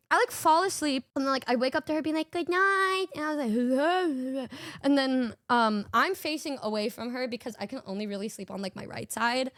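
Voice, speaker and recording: A high-voiced woman streamer tells a story in an animated way, laughing often and swearing freely. She is recorded on a close, dry mic. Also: dry recording. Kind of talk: casual storytelling.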